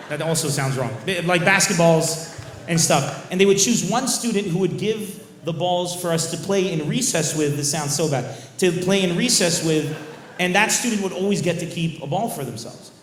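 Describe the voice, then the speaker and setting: High-voiced comedian in a roomy venue. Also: male voice. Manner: animated, shouty storytelling with bursts of crude jokes. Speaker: stand-up comedian. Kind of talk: post-show Q&A banter. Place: live venue stage with audience. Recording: roomy venue with faint crowd noise.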